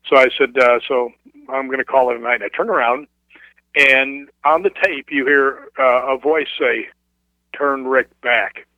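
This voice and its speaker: A man casually telling a ghost story as a guest, animated and acting out the voices of the people in it. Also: medium pitch, moderate pace, no room sound. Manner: animated, acts out quoted voices. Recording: tinny phone line.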